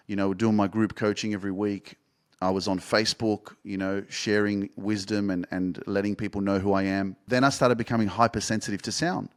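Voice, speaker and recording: A young man hosting a podcast, telling a personal story in a casual, rambling way and swearing freely. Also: lowish voice. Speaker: podcast host and life coach.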